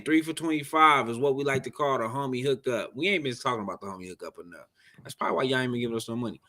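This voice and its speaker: A man's voice: mid-range voice, fast talker, fairly bright tone. A man hosting a live music review, talking casually in loose slang with plenty of swearing. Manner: loose, profane, laid-back slang. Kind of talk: casual livestream chat.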